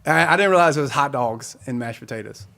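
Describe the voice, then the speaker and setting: A man's voice: mid-range voice, animated, fast talker, gravelly, pushed and bright. A man hosting a weekly live concert stream, chatting casually and rambling with his viewers and laughing often.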